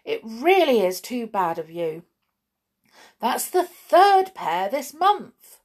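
A woman's voice: on the high side, big pitch swings, a little slow, a little mellow, husky, voice pushed up, exaggerated voice. A woman voicing a strict, vexed mother who scolds her forgetful daughter. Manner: firm and scolding.

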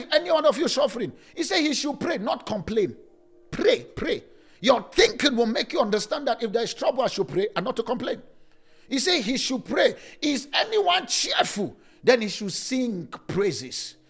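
A man preaching as a pastor, swinging between loud and soft, with sudden rises and drops in pitch. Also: big pitch swings, normal speed, breathy edge, faint music behind. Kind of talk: sermon.

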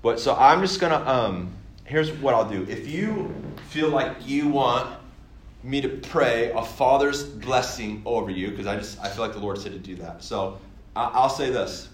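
Excited rambling man in an echoey church. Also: medium pitch, a little slow. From Michigan, USA. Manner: rambling, excited, full of fillers and restarts. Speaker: guest speaker at a church. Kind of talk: storytelling sermon. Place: church hall. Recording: echoey church hall, faint room noise.

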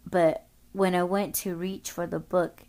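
A woman's voice: lowish voice, little pitch movement, a little slow, a little mellow. A woman podcast host telling a story casually, rambling, swearing often and using lots of filler words.

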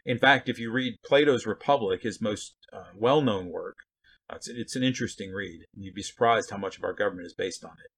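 A man's voice: lowish voice, a little fast, a bit bright, breathy edge. A man giving a conversational Bible teaching, blunt and folksy, full of rhetorical questions and asides.

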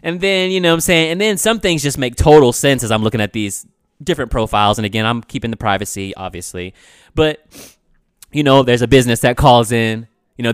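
Smooth-voiced man rambling on a podcast. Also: mid-range voice, dry recording, studio quality. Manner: loose, rambling, frequent "you know what I'm saying"; swings between loud bursts and quiet asides. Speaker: podcast host. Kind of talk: casual solo podcast chat.

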